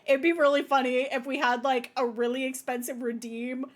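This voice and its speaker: A woman streaming a video game, chatting casually with her viewers, laughing often and breaking into loud playful outbursts. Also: high voice, flat delivery, moderate pace. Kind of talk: casual livestream gameplay commentary.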